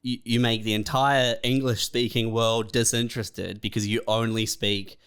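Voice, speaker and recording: Smooth-voiced man laughing along. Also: fairly low pitch, little pitch movement, moderate pace, fairly bright tone. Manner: laughs often, loose and sweary. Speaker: podcast co-host. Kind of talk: casual comedic chat.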